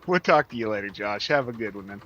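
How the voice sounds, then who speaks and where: A man's voice: lowish voice, expressive, fast talker, fairly bright tone, dull audio, slight background noise. A man hosting a live stream, chatting casually in a crude, rambling way and laughing at his own stories. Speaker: livestream host.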